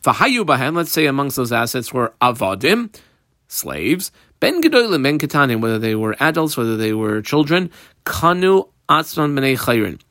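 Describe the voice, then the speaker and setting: Male Talmud teacher, mid-pitched voice, close dry mic, reads the text and then explains it line by line. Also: very animated, moderate pace, sharp tone, no echo. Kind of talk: daily Talmud page lesson.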